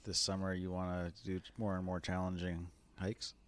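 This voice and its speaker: A man's voice: low-pitched, completely flat delivery, moderate pace, no echo. A man hosting a casual podcast chat, asking dry, teasing questions. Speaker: podcast host.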